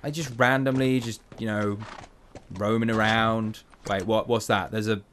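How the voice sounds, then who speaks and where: A man's voice: on the low side, fairly even intonation, a little slow, fairly bright tone, a little hiss or hum. A man giving playful, chatty let's play commentary, joking to himself as he plays. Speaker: gamer.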